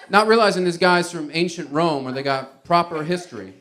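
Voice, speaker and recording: Rambling stand-up comedian, slightly high. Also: male voice, brisk, few pauses, a bit bright. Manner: rambling, conversational storytelling.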